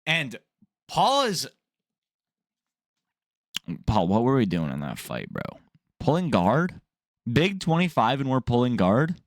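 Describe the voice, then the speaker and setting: A man's voice: medium pitch, slow pace, pauses often, no room sound, studio quality. A young man hosting an MMA news channel, giving blunt, profane, opinionated commentary in a casual rant. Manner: blunt, profane, animated ranting.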